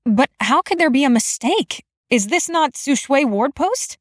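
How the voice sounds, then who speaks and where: A woman's voice: high-pitched, animated, measured pace, no room sound, studio quality, pitched above the performer's own voice. A woman voicing a flustered young female graduate. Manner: sputtering, tentative, polite. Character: anxious young female academy graduate, earnest.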